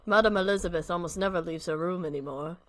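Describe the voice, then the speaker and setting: A sorrowful old male butler from a game, speaking in measured, old-fashioned sentences at a middling pitch, voiced by a streamer reading aloud. He is formal and deferential, weighed down by his age. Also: lightly acted. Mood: solemn.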